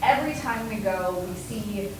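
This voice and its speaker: A woman's voice: medium pitch, lively intonation, normal speed. A woman speaking on a convention panel about volunteering in costume, chatty and full of fillers. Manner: chatty, many fillers and "right?". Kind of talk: panel talk. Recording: echoey hall from far off, noisy.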